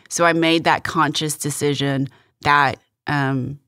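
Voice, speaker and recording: Halting, earnest woman sharing her testimony. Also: low voice, fairly even intonation, a bit bright, no room sound, studio quality. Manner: halting and earnest, with many restarts. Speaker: guest. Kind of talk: personal testimony in a faith interview.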